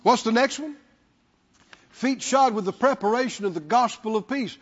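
A man's voice: very high voice, normal speed. A man preaching a sermon as pastor, stressing words through repetition and prompting the congregation to respond. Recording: dull lo-fi sound with long hall reverb.

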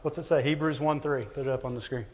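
A man preaching a sermon to his church, talking conversationally, calling for amens, and swinging between loud emphasis and quiet low asides. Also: fairly even intonation, fast talker. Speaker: pastor. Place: church hall. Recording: muffled lo-fi recording in a reverberant hall.

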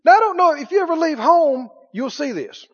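Man, high voice, folksy sermon, hushed to shouting, dull lo-fi recording. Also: expressive, brisk. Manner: folksy, swinging from hushed lines to loud exclamations. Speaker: preacher.

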